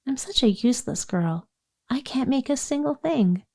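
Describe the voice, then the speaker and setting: Woman doing cheerful little girl, storybook, raised pitch, mellow tone. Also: expressive, normal speed, vocal fry, exaggerated voice. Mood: eager.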